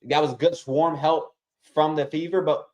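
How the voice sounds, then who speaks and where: Excitable man calling a game for viewers. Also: on the high side, a little slow. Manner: excitable, keeps addressing viewers as y'all. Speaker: watch-along host. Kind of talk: casual play-by-play commentary.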